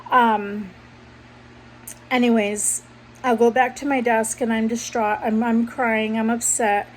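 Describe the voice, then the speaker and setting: A woman's voice: fairly high pitch, flat delivery, takes it slowly, rough recording. Rambling woman telling a personal story. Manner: rambling, self-correcting, conversational. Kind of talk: casual storytelling to camera. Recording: faint background noise.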